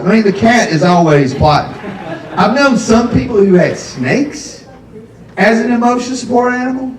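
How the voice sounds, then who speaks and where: A man performs stand-up comedy, drawing out his punchlines in a relaxed storytelling way. His voice sits a little high for a man. It sounds echoey and a bit distant, picked up from off the mic in a small venue. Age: 50s. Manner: conversational storytelling with drawn-out punchlines. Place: coffee shop with a live audience.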